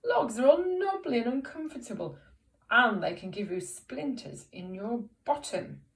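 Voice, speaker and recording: A woman's voice: medium pitch, steady tone, unhurried, vocal fry, dark tone, reverberant, distant mic. A woman voicing a reluctant storybook frog who complains in a whiny voice.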